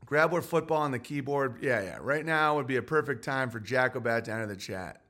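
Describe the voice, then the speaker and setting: A man's voice: mid-range voice, big pitch swings, brisk, few pauses, pushed and bright. A man hosting a solo livestream, reading super chats in a grumpy, sarcastic ranting way.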